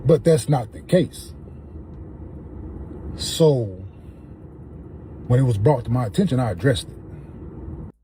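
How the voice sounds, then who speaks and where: A man with a very dark, mellow voice lays out his side calmly and deliberately, repeating himself to drive the point home. Faint background noise sits under his voice. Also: medium pitch. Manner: calm, deliberate, repeats phrases to make a point. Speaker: podcast co-host. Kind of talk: calm, measured on-camera statement.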